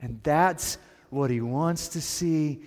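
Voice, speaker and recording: A man's voice: a little high, takes it slowly. Man preaching a dramatic sermon in a hall. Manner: storytelling, swings from hushed to loud and animated. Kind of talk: dramatic first-person sermon monologue. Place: room with an audience.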